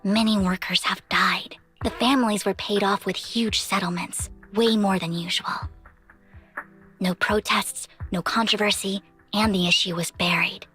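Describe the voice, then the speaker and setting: An actress voicing a composed, devoted young woman in a game, speaking in a measured, earnest way with a breathy voice. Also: mid-range voice, fairly even intonation, a bit bright, soft background music, close to an everyday voice. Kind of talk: game voice acting.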